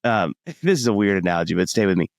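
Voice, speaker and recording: A middle-aged man in casual podcast chat, telling stories with a lively, swooping pitch. He slips into little acted voices as he goes. The sound is dry and close. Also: fast talker, no echo. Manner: animated storyteller, acts out voices in anecdotes. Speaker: podcast guest, musician.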